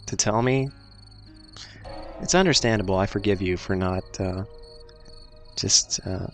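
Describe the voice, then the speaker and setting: A man talks slowly through his gameplay, casual and self-deprecating, thinking aloud as he goes. His voice sits a little low, and faint game music plays behind him. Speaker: let's play host.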